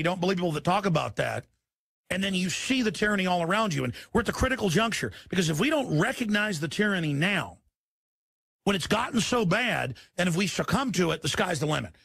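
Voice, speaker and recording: Man, talk radio host, impassioned rant, shouting, sharp high voice. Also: expressive, a little fast, gravelly, husky, no echo. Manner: angry, ranting, shouting.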